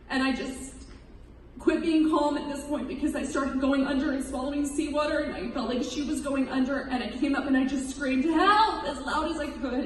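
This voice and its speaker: A woman in her thirties speaks with a somewhat high voice, giving an earnest, emotional account to an audience. She sounds distant from the mic, her words ringing through a big echoey hall with a long reverb tail and a faint hiss underneath. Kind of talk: personal testimony speech.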